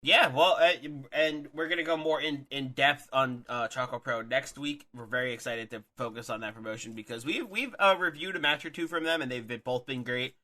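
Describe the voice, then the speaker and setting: Upbeat bright-voiced male podcast co-host. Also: mid-range voice, a little fast, hardly any pauses. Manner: upbeat, loose, stumbles over words. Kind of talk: casual chat.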